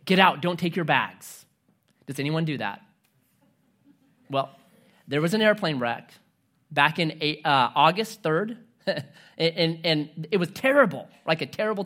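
A male pastor delivers a sermon as an animated story. He speaks casually and adds joking asides. His pitch rises and falls widely throughout.

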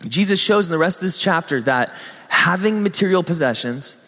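Man preacher, higher voice, lively storyteller, long hall reverb. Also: fairly quick. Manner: animated storytelling, acts out voices. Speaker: pastor. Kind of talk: sermon.

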